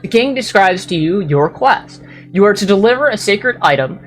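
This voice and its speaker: A woman's voice: mid-range voice, expressive, moderate pace, soft background music. A woman narrating a tabletop role-playing game as game master, describing scenes in detail with brief apologetic asides.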